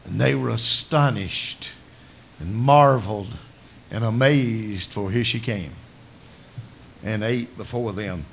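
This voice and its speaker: A man's voice: fairly low pitch, slow, creaky, pauses often. A man preaching a sermon in a folksy, storytelling manner with colloquial asides.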